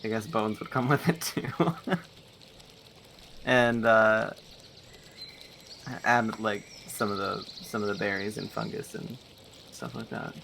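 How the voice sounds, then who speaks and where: A man's voice: fairly low pitch, fairly even intonation, slow pace, vocal fry, pauses often, fairly bright tone, slight background noise. A man playing in a tabletop game, talking hesitantly and casually, often speaking as his character in the first person. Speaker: player. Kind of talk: casual tabletop role-play.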